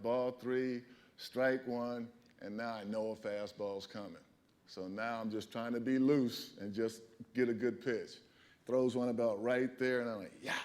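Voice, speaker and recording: A man in his fifties, a former ballplayer, telling stories at a library event, acting out his reactions and laughing as he talks. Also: mid-range voice. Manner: animated storyteller, laughs often, acts out his own reactions. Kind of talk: storytelling talk at a library event. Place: public library event hall.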